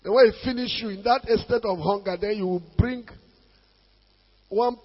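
A Nigerian man preaching a sermon as a pastor, emphatic, with sudden loud bursts. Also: sits high, moderate pace, slightly rough, long reverb tail, muffled recording.

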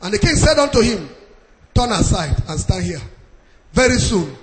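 A pastor preaching a fervent sermon in a sing-song style, shouting hallelujahs and repeating phrases for emphasis. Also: male voice, high-pitched, big pitch swings, moderate pace, background noise.

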